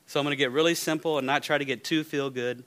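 A man preaching a sermon, firing rhetorical questions and moving between loud and hushed delivery. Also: mid-range voice, steady tone, fast. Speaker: pastor.

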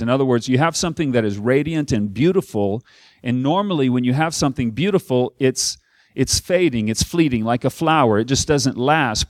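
Guy preaching to students, middle pitch, storytelling, no room echo. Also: studio quality. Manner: storytelling, addresses the audience with questions. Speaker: campus minister. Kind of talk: sermon.

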